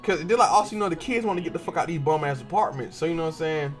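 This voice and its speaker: A young man hosting a podcast, telling profane and animated stories in a casual monologue while he draws. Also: on the high side, racing, soft background music. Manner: profane, animated storytelling with slangy cussing. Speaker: podcast host.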